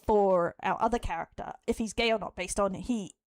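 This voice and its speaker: A woman's voice: mid-range voice, moderate pace, a little mellow, dry recording. A woman from Australia with an Australian accent, a streamer chatting casually in a rambling way, laughing often and swearing. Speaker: streamer reacting to a clip. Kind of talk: casual chat.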